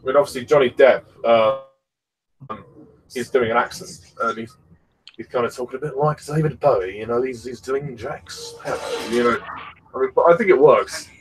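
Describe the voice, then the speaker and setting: A man's voice: medium pitch, normal speed, rough recording. A man giving easygoing film commentary, often hesitating and using fillers.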